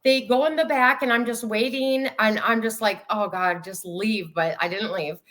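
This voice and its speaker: A woman guest telling her own story in a casual, animated way over a video call, acting out the voices of people she quotes. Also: medium pitch, normal speed.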